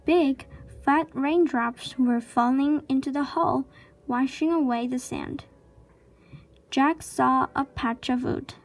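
A woman reading a children's chapter book aloud with slow, clear storytelling. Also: sits high, a little mellow. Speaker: reader.

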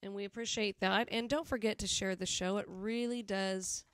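Chatty and teasing, this Southern-accented woman laughs often as she hosts a live music stream in casual conversation. Her mid-range voice stays steady and fairly bright at normal speed, in a dry recording.

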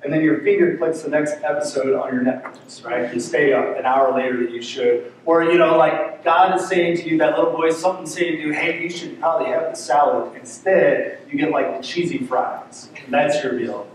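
A man's voice: a little high, moderate pace, few pauses, slight background noise. A male pastor giving an earnest, conversational sermon, often repeating words as he goes. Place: church sanctuary. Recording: echoey church sanctuary, mic at a distance.

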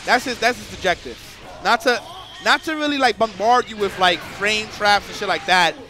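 A man doing live commentary on a fighting game match, excitable and swearing freely, breaking into shouts. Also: sits high, normal speed.

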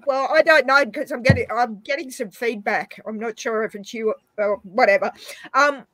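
A woman's voice: fairly high pitch, normal speed, sharp tone, dry recording. A woman on a live stream chat, teasing the others as she says her goodbyes. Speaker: co-host.

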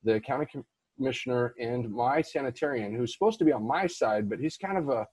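A man's voice: medium pitch, brisk, a little mellow, breathy edge, no echo. A man, a guest on an interview, telling a long story casually with many restarts and fillers. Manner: rambling with frequent restarts and fillers. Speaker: guest real estate investor.

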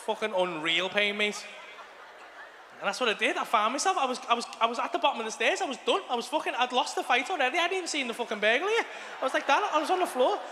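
A man's voice: extremely high pitch, sharp tone, slight background noise. Male comedian, sweary crowd banter, stage mic, reverberant club room, faint murmur behind. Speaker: stand-up comedian. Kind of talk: live stand-up routine.

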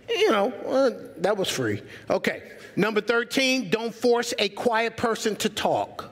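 A man preaching a sermon as pastor, animated and joking, speaking straight to his congregation. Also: high-pitched, measured pace. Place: church sanctuary. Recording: long church reverb.

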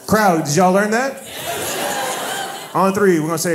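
A man from Maryland works the crowd at a comedy club, teasing and profane in a high voice. He talks into a handheld mic over loud audience laughter and heavy club noise. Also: moderate pace. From United States (Maryland). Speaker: stand-up comedian. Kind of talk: crowd work in a stand-up set.

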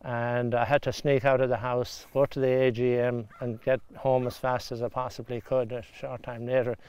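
An Irish man from Galway in his sixties, a club founder recalling old days in a plain, unhurried interview voice. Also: medium pitch, level tone, darkish tone, smooth, no echo. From Ireland (Galway). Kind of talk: interview recollection. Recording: dull lo-fi sound.

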